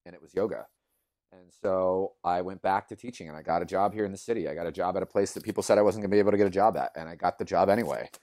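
Low-voiced man telling a personal story. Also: rapid-fire, no room sound. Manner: earnest and animated, acts out quoted voices, many fillers. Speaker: guest, yoga teacher.

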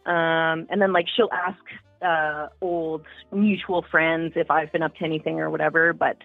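A woman's voice: deep voice, flat delivery, normal speed, vocal fry, no room sound, faint music behind. A young Canadian woman calling in to a podcast, candid and chatty as she tells her story. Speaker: caller. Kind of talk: casual phone-in chat. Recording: tinny phone line.

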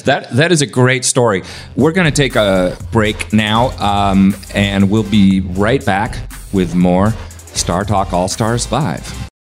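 A man hosting a live talk show, measured and friendly, with some fillers. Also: fairly low pitch, faint music behind. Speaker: host.

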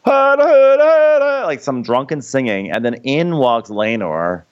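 A man's voice: mid-range voice, animated, unhurried, muffled recording. A man co-hosting a comedic TV recap podcast in casual chat, slipping into mock character voices. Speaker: podcast co-host.

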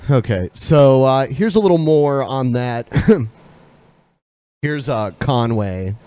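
A man's voice: medium pitch, expressive, slow, mellow, clean tone, no room sound, soft background music. A man co-hosting a podcast in casual, crude, jokey chat, reading out viewer comments. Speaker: podcast co-host.

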